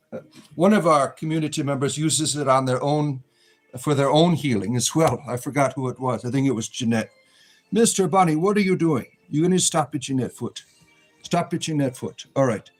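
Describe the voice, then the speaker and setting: A man hosting a casual livestream from a room at home, rambling and coaxing his pets in a soft doting tone, recorded on a phone. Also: mid-range voice, rough recording. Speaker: livestream host.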